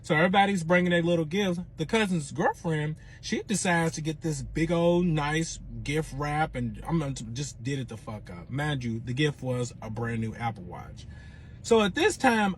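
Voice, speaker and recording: A man telling a personal story in a dramatic, profane, animated way. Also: on the high side, slight background noise. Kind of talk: storytime monologue.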